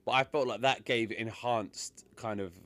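A man's voice: mid-range voice, fairly even intonation, moderate pace, fairly bright tone. A man co-hosting a casual film review chat, emphatic and repeating phrases for stress. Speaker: podcast co-host.

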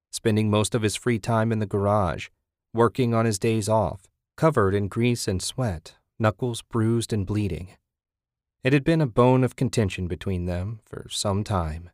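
A male audiobook narrator reads a novel in scripted narration, his voice steady, measured and fairly low. The recording is close and dry, with no surrounding room sound.

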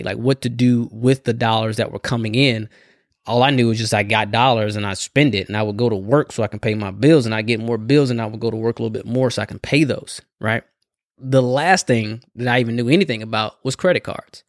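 A man's voice: mid-range voice, no echo, clean studio sound. Man podcasting, chatty, "right?" tags. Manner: conversational, keeps adding "right?" as a tag; laughs now and then while talking. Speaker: podcast host. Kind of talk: casual solo podcast talk.

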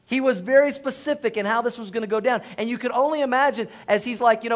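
A male pastor preaching a lively sermon in a church, joking and calling for responses from the congregation, then dropping to hushed solemn tones. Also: very high voice, fast talker. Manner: animated, jokey, call-and-response, drops to hushed solemn tones.

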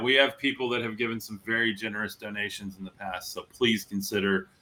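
A man's voice: lowish voice, level tone, brisk, bright, forceful tone, rough recording. A man hosting a podcast, talking in an eager, affirming way with frequent fillers. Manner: enthusiastic, affirming, lots of fillers. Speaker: podcast host. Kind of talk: casual podcast chat.

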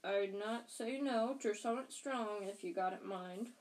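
A woman reading an audiobook, voicing a huge, gruff but kindly giant man with a rough, homely, slow way of talking. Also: medium pitch, natural voice, poor audio. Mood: gruff friendly. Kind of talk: audiobook character voice.

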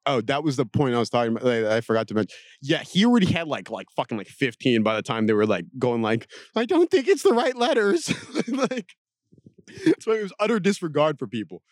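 A man in casual podcast chat, telling a story with animated energy, swearing freely and laughing often. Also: mid-range voice, quick pace, no echo, clean studio sound.

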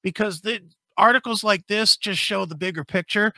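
A man's voice: high-pitched, moderate pace, bright, forceful tone, no echo. A man co-hosting a podcast, reading an article aloud and mocking it with crude, sarcastic asides. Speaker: podcast co-host. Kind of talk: casual podcast banter.

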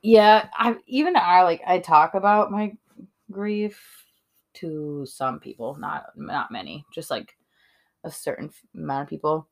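A woman's voice: lowish voice, expressive, a little slow. A woman co-hosting a podcast, candid and reflective in casual chat, swearing casually. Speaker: podcast co-host.

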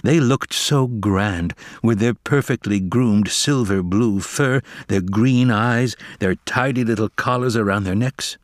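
A man reading a children's novel aloud as narrator, with expressive, dramatic storytelling. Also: on the low side, measured pace, hardly any pauses, no room sound, studio quality.

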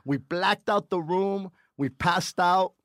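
A man in his forties spins a rowdy story in loose podcast chat, swearing freely and breaking into laughter. His voice sits a little high for a man and is recorded close and dry. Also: slow, dry recording. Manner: animated, profane, laughs through his story. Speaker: comedian. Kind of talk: casual storytelling.

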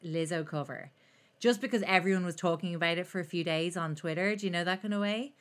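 A woman's voice: lowish voice, fast talker. A woman hosting a podcast, chatting in a wry, self-deprecating way. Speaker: podcast host. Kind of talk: casual chat.

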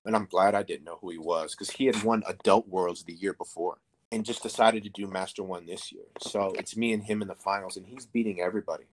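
A man's voice: deep voice, steady tone, a little fast, a little hiss or hum. A man in his thirties, a podcast guest, telling a story casually with lots of swearing and fillers. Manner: profane, rambling, filler-heavy.

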